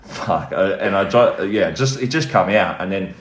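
A man's voice: low-pitched, expressive, normal speed, roomy sound, a little hiss or hum. An Australian man casually telling a story as a podcast guest, swearing freely and laughing as he goes.

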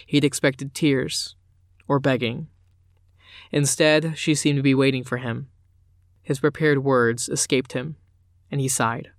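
A man narrating a dark fantasy audiobook in a measured, unhurried manner. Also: mid-range voice, steady tone, no room sound, clean studio sound.

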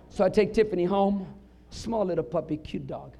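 A middle-aged man preaching a sermon, telling funny stories with punchlines and building up to emphatic shouts. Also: high voice, fairly quick, gravelly, a little hiss or hum. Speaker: pastor.

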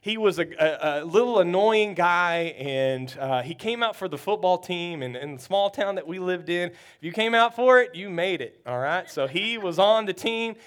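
Man, pastor, sermon, storytelling, high voice, animated. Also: moderate pace, hardly any pauses, smooth. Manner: animated storytelling, acts out quotes.

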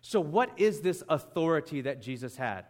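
A man preaching a sermon as pastor, in an animated, conversational way. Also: on the high side, moderate pace.

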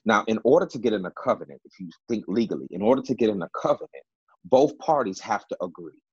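A man with a low, husky voice explains Bible passages in a panel discussion. He presses his points by repeating key words and fills pauses with "uh". The sound is dry and dull, like a lo-fi recording. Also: animated, dry recording. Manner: emphatic, repeats key words, many fillers. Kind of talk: Bible teaching in a panel talk.

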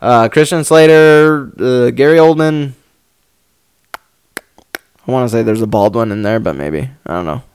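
A man telling stories in casual chat, animated, acting out what people said, swearing and laughing a lot. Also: medium pitch, measured pace, pauses often, slight background noise.

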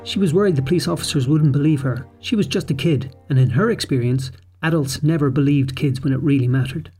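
Male narrator for a kids' audiobook, steady and clear, mellow and slightly high. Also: fairly quick, faint music behind.

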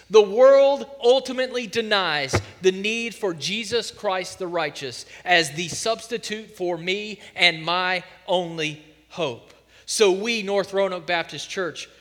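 A man preaching a sermon as pastor of his church, telling stories and driving home points with strong emphasis. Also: high voice. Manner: animated storytelling preacher, emphatic. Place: church sanctuary. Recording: church hall reverb.

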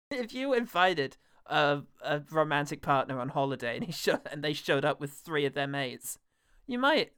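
A man's voice: on the high side, sing-song, normal speed, a bit bright, clean tone, no room sound. Dry-humored man, laughing often. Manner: laughs often, joking and sardonic. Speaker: podcast co-host. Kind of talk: casual film review chat.

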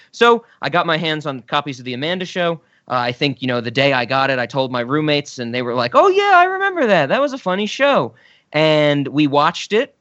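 A man's voice: medium pitch, fairly bright tone, no room sound. A man in his thirties co-hosting a podcast, talking in an easygoing, reflective way with occasional fillers. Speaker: podcast co-host. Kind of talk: casual podcast chat. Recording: slightly dull, dry lo-fi audio.

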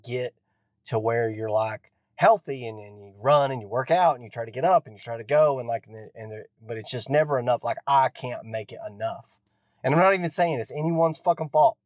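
A man rants alone into a podcast mic, swearing at every turn and circling back on himself in bitter self-blame. His voice sits at a middling pitch. The recording is dry and close, with no room around it. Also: darkish tone, dry recording. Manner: profane, bitter and self-lacerating, rambling with many restarts. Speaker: podcast host. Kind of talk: solo rant.

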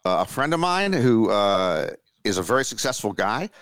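A man's voice: lowish voice, very animated, moderate pace, a bit bright, no echo. A man from Washington, D.C., co-hosting a podcast, rambling through jokey asides in casual banter. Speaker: podcast co-host.

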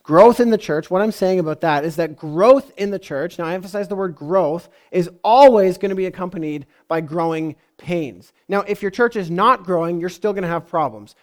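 A man preaching a sermon in a conversational way, often asking his congregation questions. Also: fairly high pitch. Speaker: pastor.

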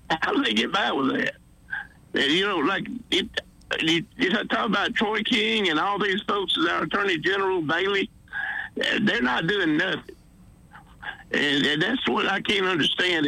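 A man with a Southern accent calls in to a radio show, rambling in halting, exasperated restarts. His voice is high, gravelly and bright, and it comes over a dry phone line from his car. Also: no echo. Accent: Southern US, Alabama. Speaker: caller. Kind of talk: call-in phone chat. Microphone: phone while driving.

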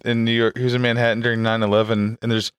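A man's voice: mid-range voice, little pitch movement, fast, smooth, dry recording. Young guy podcast host, laughs a ton, cusses, dry close mic. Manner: laughs often, swears, riffs and acts out bits. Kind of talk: casual comedy chat.

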